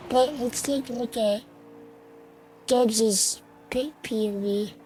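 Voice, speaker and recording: A woman commentating an online sim race, slow and halting, with fillers and restarts, and she has the hiccups. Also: on the high side, warm tone, soft background music, rough recording.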